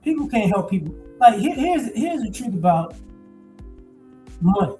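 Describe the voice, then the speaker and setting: A man's voice: high-pitched, a little slow, faint music behind, low-quality recording. Profane, ranting man in his forties. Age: 40s. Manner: blunt, profane, animated ranting. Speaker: commentator. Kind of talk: casual monologue.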